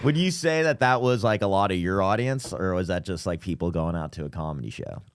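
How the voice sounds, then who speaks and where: A man's voice: deep voice, animated, brisk, clean tone, no room sound, studio quality. A man in a casual podcast chat, supportive, asking follow-up questions.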